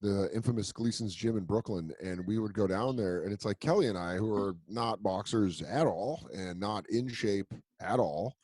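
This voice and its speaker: A man chatting as a guest on a video call, telling stories and joking with quick impressions of people. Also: on the low side, no echo, clean studio sound. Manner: joking storyteller, animated impressions. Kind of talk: casual video-call chat.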